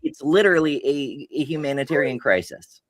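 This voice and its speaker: A woman's voice: low-pitched, expressive, a little fast, no room sound. A woman co-hosting a podcast, reading out viewer comments and answering them in a frank, casual way. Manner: reads out chat messages, then comments with frank, blunt remarks. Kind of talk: casual chat.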